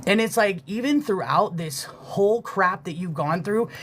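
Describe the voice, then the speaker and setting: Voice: medium pitch, animated, normal speed, a little hiss or hum. Heartfelt, loosely rambling live reader. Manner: loose, heartfelt, swears freely, heavy filler "like"; thanks viewers for gifts mid-reading. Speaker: livestream spiritual reader. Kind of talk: casual live-stream intuitive reading.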